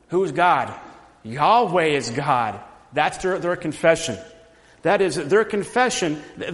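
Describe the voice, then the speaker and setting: Male pastor, sermon, slow deliberate delivery, long hall reverb, emphatic swells. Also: high-pitched. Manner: emphatic preaching, rising loud on repeated phrases.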